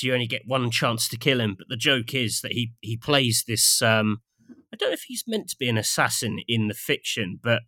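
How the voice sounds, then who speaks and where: A man's voice: mid-range voice, sharp tone, no room sound. A man co-hosting a podcast in casual chat, dry and self-mocking, often laughing at his own stories. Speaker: podcast co-host.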